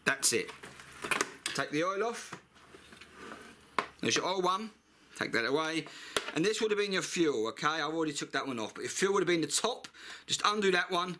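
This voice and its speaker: A man's voice: on the high side, expressive, normal speed, long pauses, noisy background. A middle-aged man with a blunt, chatty manner, talking through a scooter repair in a workshop and swearing freely. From United Kingdom. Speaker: mechanic vlogger. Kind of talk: casual repair tutorial.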